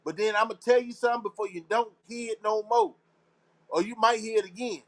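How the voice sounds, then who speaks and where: A man's voice: high voice, fairly even intonation, fairly quick, fairly bright tone. A man from Texas, hosting a casual live talk show and rambling to his listeners in a slangy, preachy, conspiratorial way. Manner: slangy, repeats phrases. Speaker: show host.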